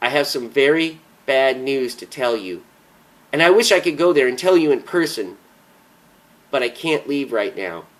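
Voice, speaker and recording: A man reading a story, voicing a grieving man who breaks hard news sternly and shouts at times. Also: mid-range voice, lively intonation, moderate pace, natural voice. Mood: grave. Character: grieving adult man, blunt and forceful.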